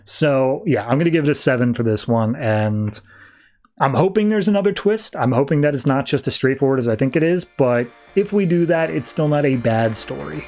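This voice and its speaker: A man's voice: mid-range voice, expressive, fairly quick, a little mellow. A man hosting a comic book podcast, chatty and casual, retelling plots. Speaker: podcast host.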